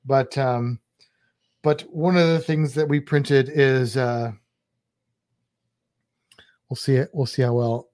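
A man co-hosting a casual show, talking in a relaxed, rambling way with many restarts. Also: mid-range voice, slow, long pauses. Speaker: podcast co-host. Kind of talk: casual chat.

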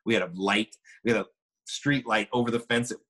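A man's voice: fairly low pitch, steady tone, brisk, sharp tone. A middle-aged man, a former baseball player, casually telling a long anecdote with restarts and quoted dialogue. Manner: rambling, with many restarts and acted quotes.

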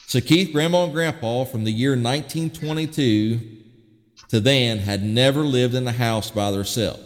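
A man hosting a recording of family memories, telling stories in a relaxed, folksy way. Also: medium pitch, moderate pace, in a large hall. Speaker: host presenting family memories. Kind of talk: casual storytelling.

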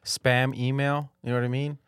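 A man's voice: medium pitch, flat delivery, moderate pace, a bit bright, clear, resonant tone, no echo, studio quality. A man co-hosting a casual podcast chat in a laid-back, wry way. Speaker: podcast co-host.

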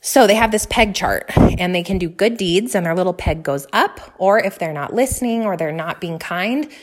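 A woman's voice: fairly low pitch, expressive, normal speed. A woman, hosting a casual podcast and talking with enthusiasm and faith-filled encouragement to other mothers.

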